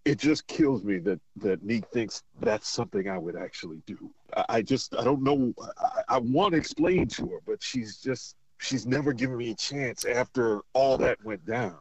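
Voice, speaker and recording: A man calling in to a radio show as a father, talking in an earnest, halting way with many restarts. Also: medium pitch, animated, no room sound, lo-fi sound. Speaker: caller, father. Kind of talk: emotional phone conversation.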